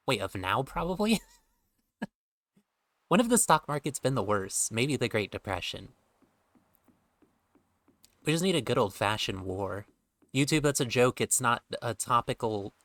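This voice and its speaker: A man's voice: fairly low pitch, fairly bright tone, dry recording. A man streaming a game, chatting casually, rambling and joking with offhand swearing. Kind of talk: casual gameplay commentary.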